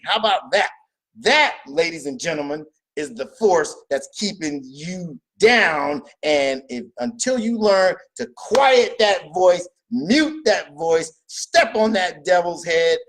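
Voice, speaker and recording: A man's voice: high-pitched, husky. A man giving a motivational talk in an emphatic, preachy way. He repeats his points and asks questions, then answers them himself. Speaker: motivational speaker.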